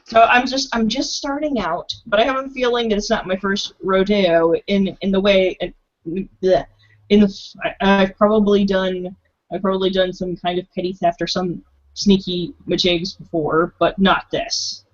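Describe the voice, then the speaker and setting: A woman's voice: medium pitch, fairly even intonation, normal speed, lo-fi sound. A woman player chatting casually about her tabletop character, giggly and stumbling over her words. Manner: giggly, laughs often, stumbling restarts. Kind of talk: casual chat planning a tabletop game.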